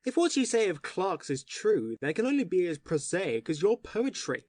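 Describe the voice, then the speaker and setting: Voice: mid-range voice, big pitch swings, normal speed, darkish tone, dry recording. A reader voicing a passionate male poet who argues with fervent oratory, in audiobook dialogue. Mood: impassioned. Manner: impassioned, oratorical arguing.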